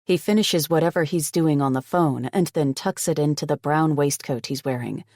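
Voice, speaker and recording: A woman's voice: low-pitched, normal speed, darkish tone, dry recording. A woman narrating a first-person audiobook in a blunt, sarcastic manner with plenty of swearing, close to the mic.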